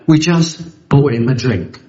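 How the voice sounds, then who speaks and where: Slow and mellow at a medium pitch, a recovery meeting speaker from London shares his story to a convention hall crowd, his voice full of expression. Blunt and profane, he jokes along the way and imitates the voices of people he mentions. The recording is a bit dull and lo-fi.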